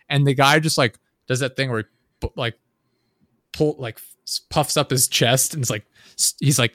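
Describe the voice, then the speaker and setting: A young man chats casually and rambles through a story, swearing freely and leaning on fillers. His voice sits at an ordinary pitch. The sound is dry and close, with no room around it. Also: fairly even intonation, fairly quick, fairly bright tone, no echo. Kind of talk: casual chat.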